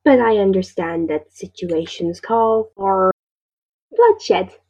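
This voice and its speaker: A woman voicing a gentle, wise female ice spirit who speaks formally and reassuringly. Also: mid-range voice, expressive, slow, dull audio. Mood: gracious.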